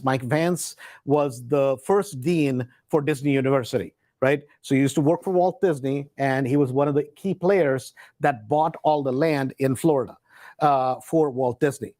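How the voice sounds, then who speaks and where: A man's voice: medium pitch, darkish tone, no room sound. A man hosting a show, telling a personal story in a casual, rambling way with many fillers and acted-out quotes.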